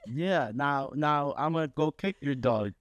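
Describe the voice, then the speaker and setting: A man's voice: fairly high pitch, measured pace, clean tone, no echo. A man in his late teens co-hosting a casual podcast chat, joking and defensive. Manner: playful, defensive, jokey. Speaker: podcast co-host.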